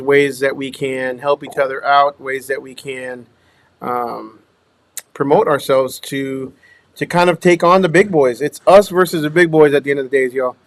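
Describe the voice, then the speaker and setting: A man's voice: medium pitch, dry recording. Rambling man hosting a livestream. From Minnesota. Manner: rambling, greets viewers by name, drops to mumbles often. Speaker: dumpster rental business owner hosting a livestream. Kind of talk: casual livestream chat. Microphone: small clip-on microphone.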